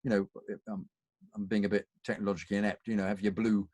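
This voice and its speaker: A middle-aged man, a voice actor, chatting in a relaxed Q&A over a video call, talking haltingly with many fillers and restarts. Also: on the low side, dry recording. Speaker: guest voice actor. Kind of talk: casual Q&A chat.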